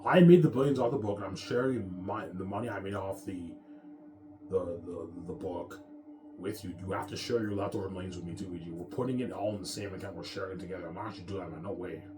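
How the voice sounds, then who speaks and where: Over background music, a vlogger with a low, fast voice rambles straight at his audience, repeating himself, bragging and swearing.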